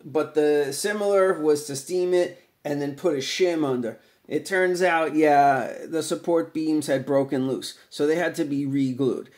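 A man's voice: fairly high pitch, a little mellow. A middle-aged man chatting casually as he walks through a home guitar repair, rambling with many fillers. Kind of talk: casual workshop vlog.

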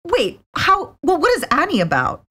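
A young woman co-hosting a podcast, teasing her partner and laughing easily. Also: sits high. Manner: animated, teasing, quick to laugh. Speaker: podcast co-host. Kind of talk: casual chat.

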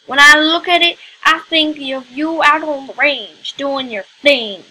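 A woman's voice: high-pitched, a little slow, bright, forceful tone, a little hiss or hum, exaggerated voice. A woman doing a lonely rancher with a Texan drawl. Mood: folksy. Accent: put-on Texan. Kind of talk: reading an in-game letter aloud.

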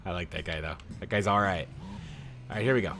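A man giving playful, casual let's play commentary, reacting loudly and joking along with the game. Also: deep voice, quick pace, a little hiss or hum. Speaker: gaming YouTuber.

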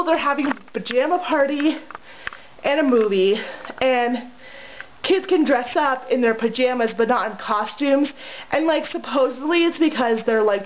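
A young woman with a slightly high voice rambles casually at home, full of "like" and little restarts. She talks to a handheld camera with a faint hiss behind her. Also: rough recording. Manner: rambling, chatty, lots of "like" fillers. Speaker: preschool teacher vlogger. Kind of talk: casual chat. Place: home, indoors.

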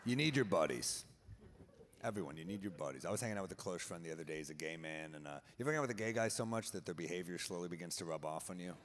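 A man in his thirties doing a stand-up set, telling a story in a dry, deadpan way and acting out both sides of the dialogue. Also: low voice, rapid-fire, a little hiss or hum. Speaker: stand-up comedian. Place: large theater stage. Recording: live theater with long reverb. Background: audience laughter.

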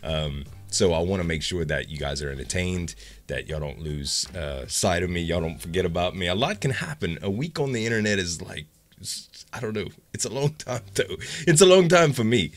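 A man's voice: low-pitched, moderate pace. A young man, vlogging casually to his viewers in a rambling, upbeat way with lots of fillers. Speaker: gaming YouTuber. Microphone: facecam.

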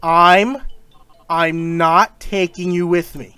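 A young man hosting a gaming channel, giving excitable, easily frustrated commentary while he plays. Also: high-pitched, a little slow, dry recording. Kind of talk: let's-play commentary.

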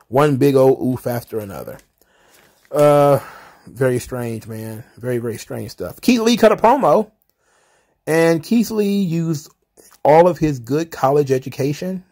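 A man's voice: medium pitch, darkish tone. A man hosting casual solo wrestling recap commentary, rambling and wry, often exasperated, with the odd swear.

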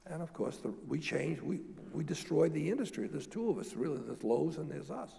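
An older man, a guest at a public talk, telling lively business stories and acting out the dialogue. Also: a little high, a little fast, creaky, slight background noise. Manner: animated storyteller, acts out quoted dialogue. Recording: echoey hall.

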